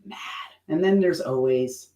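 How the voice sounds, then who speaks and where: A man hosting a livestream lesson on presenting. He talks in a playful, animated way and acts out expressions with quick asides. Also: fairly high pitch, reverberant.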